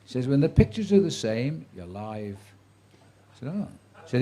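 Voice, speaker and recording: Mellow-voiced older man telling stories. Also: mid-range voice, animated, moderate pace. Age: 70s. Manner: chatty raconteur who acts out quoted voices, dry wit. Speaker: sports commentator telling career stories. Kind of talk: anecdotal storytelling to a live audience.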